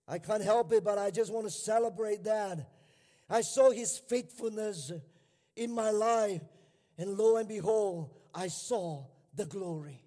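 A man preaching a sermon to a church, building to fervent shouting, in a large hall with long reverb. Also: high voice, a little slow. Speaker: pastor.

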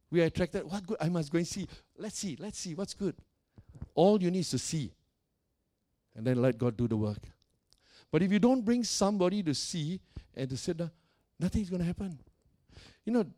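A man's voice: fairly high pitch, mellow. A male pastor preaching a sermon, emphatic and repetitive, putting direct questions to his congregation.

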